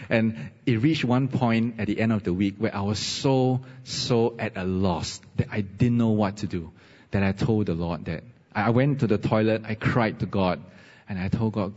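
A man preaching a sermon and telling a personal story, animated with rising emphasis. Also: on the low side, moderate pace. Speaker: pastor. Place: church hall. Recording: husky voice, dull sound, long reverb.

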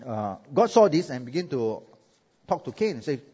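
A man's voice: mid-range voice, normal speed, breathy edge. A man preaching a sermon with a Singaporean English accent. He jokes and keeps asking the crowd "right?". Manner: lively, joking, asks the crowd "right?". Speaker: pastor. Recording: muffled sound with long hall echo.

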